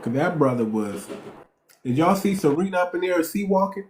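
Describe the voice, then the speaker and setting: A man's voice: high voice, animated, moderate pace, darkish tone. A man from the United States hosting a casual live stream, talking in a slangy, emphatic way and repeating himself for weight. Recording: roomy echo, faint noise.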